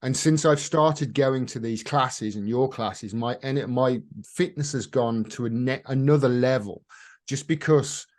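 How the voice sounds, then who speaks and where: A man's voice: medium pitch, a little slow, darkish tone. Enthusiastic man hosting a casual chat. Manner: enthusiastic, repeats and restarts words. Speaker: host.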